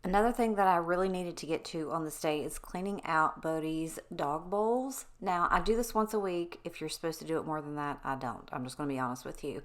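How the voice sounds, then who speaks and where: Lower-voiced woman, chatty tangential vlog talk. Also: brisk, hardly any pauses. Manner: rambling, wanders off on tangents; candid and conversational, addresses viewers directly. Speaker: home cleaning vlogger. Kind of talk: casual chatty voice-over.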